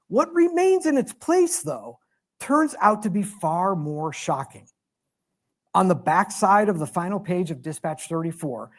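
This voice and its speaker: Animated man telling a lecture story. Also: high voice. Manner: animated, self-deprecating humor. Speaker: guest lecturer. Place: museum lecture hall.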